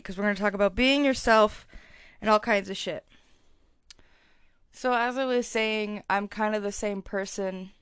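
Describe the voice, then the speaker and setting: A young woman in her twenties hosting a casual solo podcast, chatty and swearing freely, with her loudness swinging up and down as she talks. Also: mid-range voice, smooth, no echo, studio quality. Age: 20s. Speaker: podcast host.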